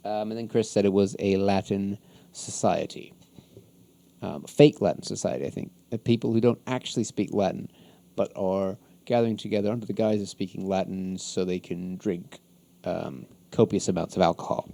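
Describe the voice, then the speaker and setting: A man's voice: sits low, fairly even intonation, normal speed, creaky, dark tone. A man hosting a podcast, recapping an episode in a casual, rambling way with many ums and frequent chuckles. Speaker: podcast host.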